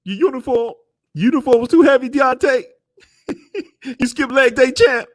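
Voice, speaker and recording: A man putting on a shrill, sing-song voice to play a heckler mocking a champion. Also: normal speed.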